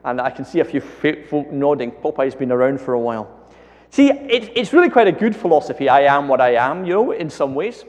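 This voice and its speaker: A man with a Scottish accent preaching a sermon in a lively, joking way that builds to emphatic points. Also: on the high side, brisk, lo-fi sound. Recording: echoey hall with long reverb.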